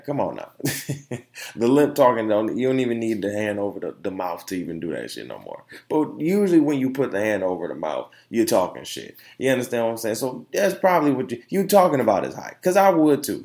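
A young man hosting a podcast, telling a story in a casual, animated opinion monologue full of slang and laughter. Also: medium pitch, fairly quick. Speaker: podcast host.

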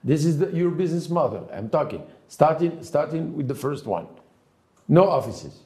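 A man conducting an interview, pressing his guest with pointed questions. His voice is mellow and somewhat higher than most men's, and he stops and repeats words as he goes. The sound carries a roomy echo. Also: very animated. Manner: halting, repeats words while probing.

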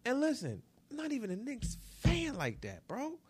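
Animated ranting male sports host. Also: very high-pitched, moderate pace, noisy background. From New York. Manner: ranting, emphatic, repeats lines for effect. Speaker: sports talk show host. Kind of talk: animated basketball commentary.

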